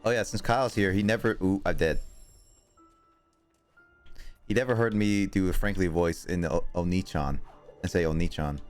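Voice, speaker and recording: A man's voice: low voice, normal speed, long pauses. A man streaming a video game, chatting casually and reacting aloud as he plays. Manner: animated, reacting aloud to gameplay. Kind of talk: casual gaming commentary. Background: faint game music.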